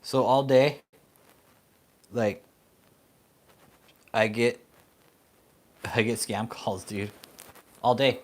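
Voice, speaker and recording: A man's voice: medium pitch, steady tone, drawn-out words, pauses often. A man hosting his own channel, ranting casually, swearing often and laughing a lot between rambling remarks. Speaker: channel host. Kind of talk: casual vlog rant.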